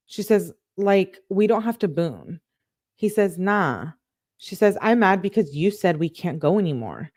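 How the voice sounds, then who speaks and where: A woman's voice: lowish voice, a little mellow, no echo, studio quality. A woman reading out a couple's text messages one by one, adding exasperated comments of her own between them. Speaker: true-crime commentator.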